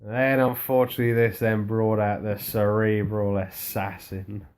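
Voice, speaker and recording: A man's voice: fairly low pitch, little pitch movement, moderate pace, darkish tone. A man co-hosting a casual wrestling recap, laid-back and dry, rambling through the show's events. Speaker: podcast co-host.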